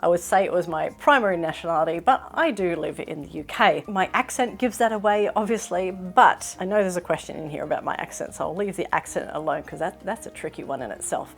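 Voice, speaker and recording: Chatty Australian woman, middle-aged. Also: medium pitch. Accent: Australian with some British influence. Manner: chatty, self-deprecating, laughs often. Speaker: sewing vlogger. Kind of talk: casual chat to camera.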